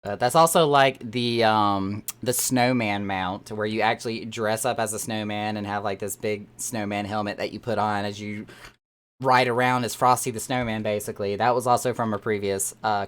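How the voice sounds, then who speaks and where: A game streamer chatting casually with live viewers, animated and quick to laugh, who trails off and repeats words while searching for them. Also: medium pitch. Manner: animated, excitable, laughs often.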